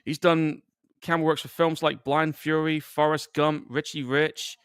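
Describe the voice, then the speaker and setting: A man's voice: on the high side, flat delivery, normal speed, fairly bright tone, clean tone, no echo, clean studio sound. Laid-back chuckling man from England. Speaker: co-host. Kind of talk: casual live movie commentary.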